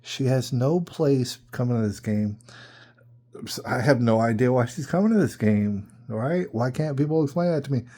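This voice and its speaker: A man's voice: mid-range voice, normal speed, mellow. A man hosting a podcast, telling a casual story in an incredulous way, full of rhetorical questions and repeats. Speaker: podcast host.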